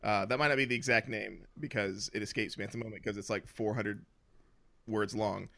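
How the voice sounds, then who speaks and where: A man's voice: lowish voice, fairly even intonation, a little fast, vocal fry, bright, forceful tone, no echo. A man hosting a podcast, rambling and laughing through casual banter. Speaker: podcast host. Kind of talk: casual chat.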